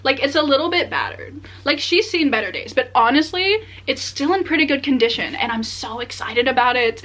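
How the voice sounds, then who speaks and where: A young adult woman vlogging casually as she unboxes books, excitable and chatty with many filler words. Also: high voice, a little fast, few pauses. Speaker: book vlogger.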